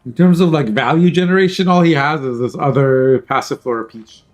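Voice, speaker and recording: A man casually commentating a card game tournament over a headset, joking and rambling, often clearing his throat. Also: medium pitch, a little fast, muffled recording, faint music behind. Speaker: tournament caster.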